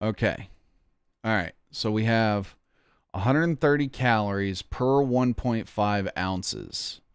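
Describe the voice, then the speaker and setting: A man's voice: lowish voice, takes it slowly, clear, resonant tone, dry recording, clean studio sound. A man chatting casually on a stream, rambling and swearing in a jokey, offhand way. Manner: rambling, profane, jokey, says "bro".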